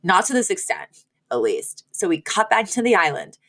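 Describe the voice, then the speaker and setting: A woman's voice: on the low side, very animated, moderate pace, vocal fry, fairly bright tone. A woman co-hosting a podcast, recapping an episode in casual chat, full of fillers and laughs. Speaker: podcast co-host.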